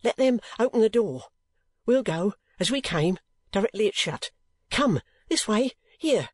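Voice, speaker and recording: A man's voice: high-pitched, lively intonation, a little slow, husky, no room sound, voice pushed up, full character voice. A man reading an audiobook, voicing a flustered, loyal older male friend who speaks in jerky, urgent bursts and is out of breath.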